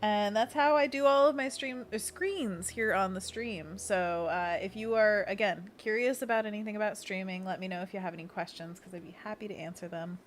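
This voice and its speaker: A woman's voice: mid-range voice, brisk, few pauses, slight background noise. A young woman hosting a casual livestream, playful and giggly, leading hand stretches with silly monkey noises. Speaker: livestream host.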